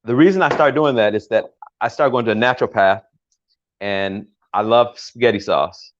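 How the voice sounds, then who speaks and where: A man's voice: fairly low pitch, moderate pace, lo-fi sound. Chatty older man cooking on a livestream. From United States. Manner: chatty, rambling, self-correcting with jokes. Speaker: home cook hosting a livestream. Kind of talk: casual cooking demonstration. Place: home kitchen.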